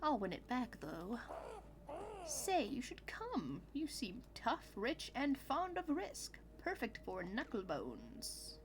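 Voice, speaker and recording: A woman's voice: fairly high pitch, wildly swooping pitch, slow, a little hiss or hum, full character voice. A woman voicing a jolly, reckless gambling creature from a video game, reading its lines aloud in an upbeat, chummy way. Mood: sly.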